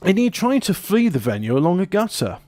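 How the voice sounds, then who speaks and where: A man's voice: high-pitched, sing-song, a little fast, darkish tone. A man hosting a casual podcast, reading a news article aloud between jokes and asides. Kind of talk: casual chat.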